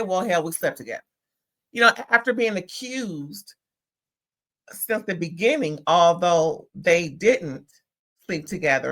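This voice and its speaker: A woman's voice: on the low side, sharp tone. A woman from California giving sassy, opinionated commentary as she recaps a reality TV reunion in casual chat. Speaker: reality TV reviewer.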